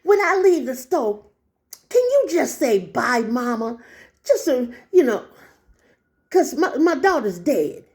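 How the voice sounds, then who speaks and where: Woman doing a grieving old lady in her eighties, stammery and pleading, high and lively. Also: slow pace, long pauses, exaggerated voice.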